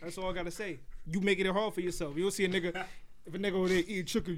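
Argumentative joking man, high voice, hiss behind him. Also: steady tone, very fast. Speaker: podcast co-host. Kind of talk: casual podcast banter.

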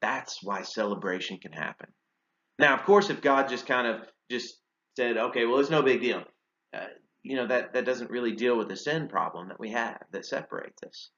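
A man's voice: medium pitch, lively intonation, moderate pace, fairly bright tone. Man preaching in a roomy space. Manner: conversational, asks rhetorical questions, uses fillers. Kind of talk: sermon. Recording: roomy and slightly dull sound.

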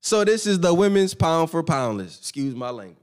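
Slangy, animated man hosting a boxing stream. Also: fairly high pitch, normal speed. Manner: animated, slangy, talks to viewers. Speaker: boxing podcast host. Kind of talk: casual live-stream commentary.

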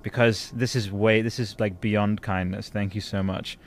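Man, podcast host, from Italy, effusive, excitable, casual chat. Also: fairly low pitch, normal speed. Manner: excitable, effusive, bursts into laughter and loud exclamations.

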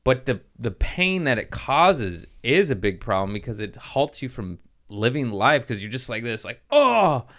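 A comedian hosting a podcast, chatting casually with lots of swearing and jumping into high squeaky voices when quoting kids. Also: male voice, moderate pace, few pauses. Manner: animated, swearing, acts out voices in quotes. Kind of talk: casual chat.

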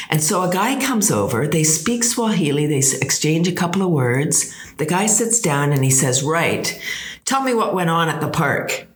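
A Canadian woman telling an animated travel story as an interview guest, acting out the quotes with gasps and laughs. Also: deep voice, reverberant. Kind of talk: casual storytelling.

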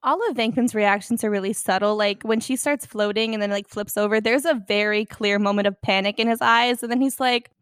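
A young woman chatting casually about a film, animated and acting out quotes. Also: mid-range voice, fairly quick, few pauses, smooth, no room sound, studio quality. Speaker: podcast co-host.

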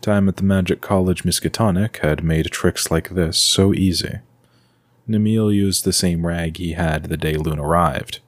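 A man narrating a fantasy story from a script in a steady reading voice. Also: low voice, moderate pace, no echo.

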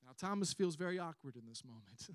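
Animated pastor, high voice. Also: male voice, fairly quick, dry recording. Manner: animated storytelling with chuckles. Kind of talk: sermon.

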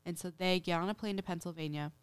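A woman's voice: fairly low pitch, steady tone, quick pace, clear, resonant tone. A woman hosting a casual podcast, retelling a true-crime case in a chatty way with lots of "like" and acted-out quotes. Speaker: podcast host.

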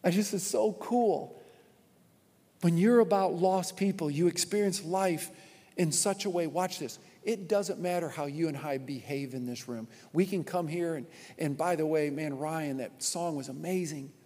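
A man preaching a sermon as pastor from a church stage, animated and repeating his points for emphasis. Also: on the high side, unhurried. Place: church auditorium with long reverb. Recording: long hall reverb.

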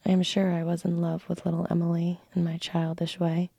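A woman narrating a classic story in a soft, slow unvoiced whisper, a whispered role-play read close to the mic. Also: lowish voice, monotone, gravelly, husky, dry recording.

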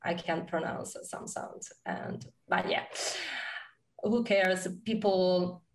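A woman with an Italian accent, co-hosting a casual podcast, halting and self-deprecating, often laughing. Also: fairly low pitch. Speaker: podcast co-host. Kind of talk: casual chat. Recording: roomy, distant from the mic.

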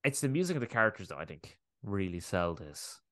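Lower-voiced man, animated chat. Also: brisk, dry recording, clean studio sound. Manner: animated, swears freely, laughs often. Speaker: podcast co-host. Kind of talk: casual chat.

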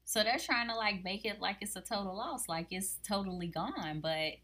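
A woman co-hosting a casual podcast, chatting about a reality TV show in an animated way and laughing often. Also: medium pitch, normal speed. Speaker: podcast co-host.

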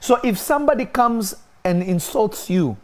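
An animated man with a darkish tone preaches at normal speed in a spiritual discussion. Emphatic throughout, he repeats his key phrases and raises his pitch to stress points.

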